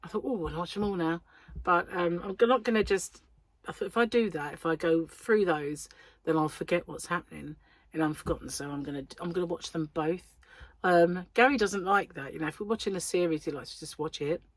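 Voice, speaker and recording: Briskly and in a fairly low voice, an English crochet vlogger rambles through a casual chat peppered with ums. Her throat is still a little sore, and there's no room sound.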